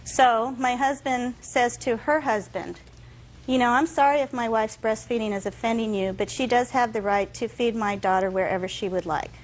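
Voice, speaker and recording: A woman's voice: a little high, moderate pace, rough recording. A young adult woman testifying as a defendant in a courtroom, earnestly recounting events and quoting what others said. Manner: earnest, tells events with quoted dialogue. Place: courtroom set.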